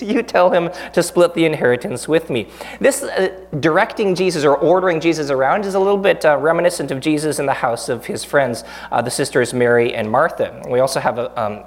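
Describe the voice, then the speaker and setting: A man in his thirties, a pastor giving a sermon in a relaxed, conversational way, joking at his own expense and acting out the prayers he quotes. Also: medium pitch. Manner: conversational, self-deprecating, acts out quoted prayers.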